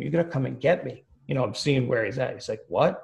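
A man casually telling a story on a podcast, animated, swearing heavily and acting out the dialogue. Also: mid-range voice, fast, vocal fry.

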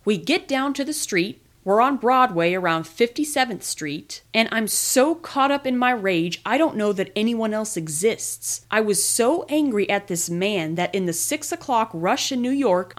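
A woman reading a memoir aloud in the first person, with lively, expressive storytelling. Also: a little high. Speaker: podcast reader.

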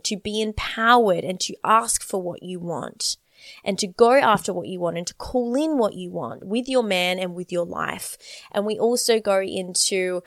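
A woman gives a relationship-coaching talk in a flowing, earnest manner and drops the odd casual swear. Her voice sits at an ordinary pitch for a woman. The sound is dry and close, with little room echo. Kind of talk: coaching monologue to camera.

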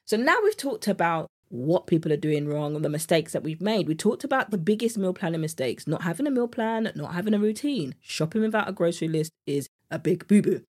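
A British woman hosting a solo podcast as a nutrition coach, chatty and animated, laughing at her own jokes. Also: fairly low pitch, a little fast, few pauses. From United Kingdom.

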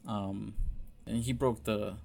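A man's voice: lowish voice, steady tone, creaky, a little mellow. Blunt, swearing young man telling a story. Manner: blunt, heavy swearing, halting restarts. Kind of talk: casual personal storytelling.

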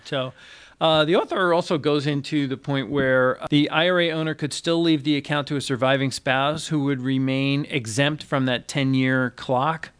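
A man's voice: medium pitch, steady tone, moderate pace, fairly bright tone, clean tone. A man co-hosting a finance podcast, explaining articles in a casual chat and reading quotes aloud with emphasis. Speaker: podcast co-host, financial advisor.

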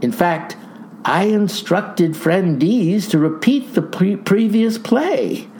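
A woman's voice: medium pitch, lively intonation, slow pace, mellow. A woman narrating a comic first-person story, with florid, mock-grand wording and folksy asides.

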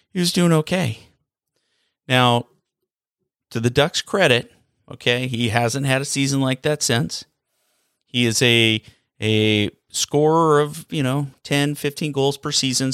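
A man giving a casual, animated opinion rant as a hockey vlogger, full of sarcasm and rhetorical questions. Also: on the high side, clean tone, dry recording, studio quality.

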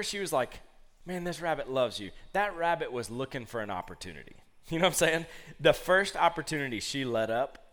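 A man in his thirties preaching a sermon, talking casually and acting out quotes with lively voices while telling family stories. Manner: animated, conversational, acts out quotes in high voices.

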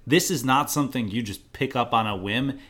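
Bright-voiced joking man. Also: medium pitch, a little fast. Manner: dry, joking exaggerations. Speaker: podcast co-host. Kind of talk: casual beer-tasting chat. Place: home studio in Chicago.

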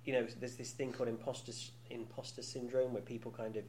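Male podcast co-host in his thirties, candid and quick to laugh, faint hum under the voice. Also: medium pitch, level tone, a little mellow. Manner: candid, laughs often, many restarts. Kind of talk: casual podcast chat.

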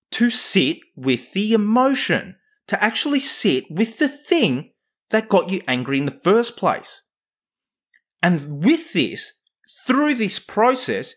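A man's voice: high voice, a bit bright. A man hosting a podcast who talks candidly and emphatically, swearing freely and questioning himself as he goes. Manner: profane, emphatic, self-questioning. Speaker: podcast host and coach. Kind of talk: candid motivational monologue.

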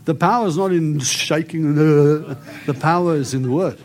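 A preacher in prophetic ministry addresses the congregation unhurriedly, his fairly high voice carrying a darkish tone. He declares emphatically and encourages listeners to respond in this charismatic sermon.

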